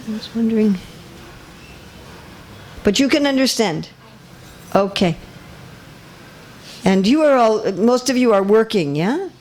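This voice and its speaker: A woman's voice: mid-range voice, a little mellow, a little hiss or hum. A woman giving a religious lecture to a live audience in a temple hall, chatty and teasing, often checking that listeners follow. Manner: light teasing humor. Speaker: visiting speaker.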